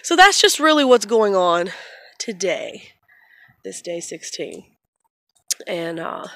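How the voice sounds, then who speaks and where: A woman's voice: on the low side, takes it slowly, long pauses, fairly bright tone, no echo. A tired woman vlogging casually at home on her phone, rambling and chatty, with frequent laughs. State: tired from little sleep. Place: at home and in the backyard. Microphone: phone camera.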